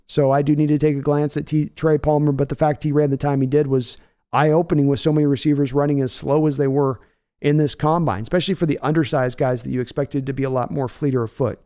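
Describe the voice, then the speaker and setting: A man hosting a podcast, answering viewer questions in a loose, off-the-cuff way. His voice sits a little high, with a soft, mellow tone. He thinks aloud and often restarts his sentences. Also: smooth. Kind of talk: casual chat.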